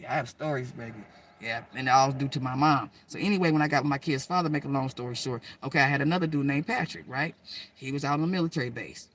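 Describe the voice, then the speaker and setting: A woman telling personal stories in an animated, emphatic way, with slang, swearing and asides to listeners. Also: a bass voice, fast, a little hiss or hum. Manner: animated, emphatic, addresses listeners as girl and y'all; slangy, profane, rambling. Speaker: storyteller. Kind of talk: casual personal storytelling.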